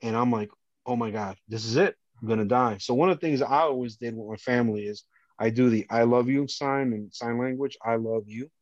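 A man, a former police officer and podcast guest, earnestly recounts a harrowing personal story, often halting and restarting. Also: mid-range voice, darkish tone, no echo. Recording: dull lo-fi dry sound.

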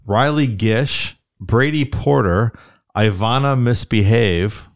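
A man's voice: mid-range voice, slow. A Midwestern man co-hosting a podcast, reading off names and cracking crude jokes in casual banter. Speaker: podcast co-host.

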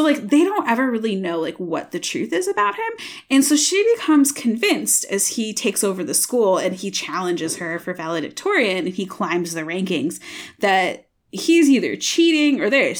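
Young female podcast co-host, chatty, filler-heavy, animated intonation. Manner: chatty, many "like" fillers, lively pitch swings. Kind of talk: casual book chat.

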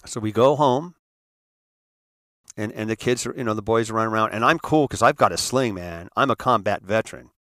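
A man from the San Francisco area telling a personal story in an earnest, halting way, often restarting and repeating words. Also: lowish voice, fairly bright tone, no room sound, clean studio sound. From San Francisco area, United States. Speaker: speaker telling his life story.

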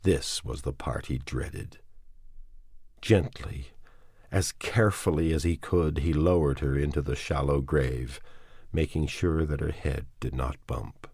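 A man reading a novel aloud as audiobook narration, in a measured and somber way. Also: rumbling low, fairly even intonation, a little mellow, slightly rough, no echo, clean studio sound. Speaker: audiobook reader.

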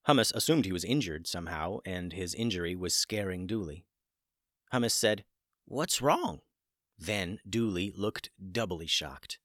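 A man narrating a children's story in a gentle storytelling manner, building the excitement through its dramatic parts. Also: low voice, moderate pace, dry recording, clean studio sound. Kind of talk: scripted narration.

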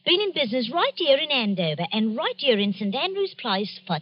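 A woman's voice: fairly high pitch, fairly quick, no room sound. A chatty shopkeeper woman. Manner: chatty, excitable, exclaiming. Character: chatty older female shopkeeper, easily frightened. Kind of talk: vintage radio drama. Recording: dull lo-fi old radio recording.

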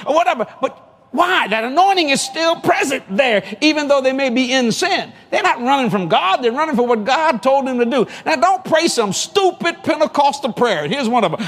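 A high-voiced man preaches in a folksy, storytelling style, repeating his points for emphasis and drawling through his tales. He talks to a live church audience in a lively, animated way. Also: a little fast, a little hiss or hum. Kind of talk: sermon with storytelling.

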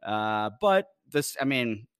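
A man's voice: medium pitch, lively intonation, takes it slowly, clear, resonant tone, dry recording, studio quality. A man co-hosting a sports podcast, talking in a sarcastic, upbeat way. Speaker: podcast co-host. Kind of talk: casual sports chat.

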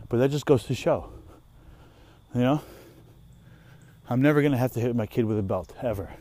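A young man talks off the cuff while walking outdoors through the woods, swearing freely and restarting his sentences. His voice is mellow and a little dark, sitting at an ordinary pitch. He wanders from thought to thought in a loose, casual way. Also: moderate pace. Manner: rambling, profane, trailing off and restarting. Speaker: vlogger and parent.

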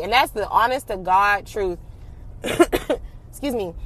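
A young adult woman telling a personal story in casual, slangy talk, animated and swearing freely. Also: medium pitch, unhurried.

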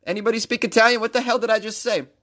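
A man's voice: high voice, fairly even intonation, rapid-fire, a bit bright. A man hosting a comedic news podcast, rambling and joking in a self-mocking way. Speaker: podcast host.

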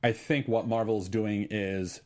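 A man's voice: fairly low pitch, steady tone, measured pace, darkish tone. A man hosting a podcast, reading out listener messages and chatting casually, with lots of fillers. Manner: rambling, filler-heavy, good-humored.

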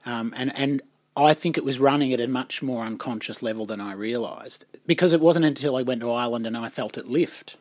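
A man's voice: mid-range voice, a little fast, hardly any pauses, darkish tone, no room sound, studio quality. A man, co-hosting a casual chat and reflecting thoughtfully, often repeating words as he searches for them. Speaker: podcast co-host.

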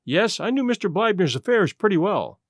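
A nervous young secretary, voiced by a man in an audiobook, talking in a jittery, hurried way. The voice is high, lively and dry. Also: no room sound, full character voice. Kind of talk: audiobook character voice.

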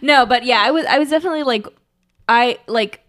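A woman chatting casually on a podcast, her voice sitting a little high. She rambles, circles back through restarts and laughs often. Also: brisk, a bit bright, dry recording. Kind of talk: casual chat.

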